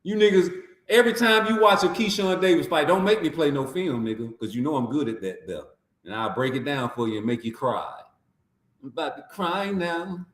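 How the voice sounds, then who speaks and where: A man's voice: fairly high pitch, expressive, normal speed, a bit bright, roomy sound. A man, delivering a profane, mocking, heated boxing rant. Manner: trash-talking, mocking, heated. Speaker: boxing commentator.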